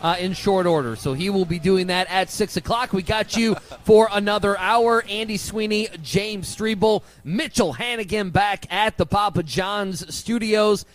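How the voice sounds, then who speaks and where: A man's voice: sits high, a little slow, few pauses. A man hosting a sports radio show from the studio, chatting loosely and laughing easily. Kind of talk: casual sports radio talk.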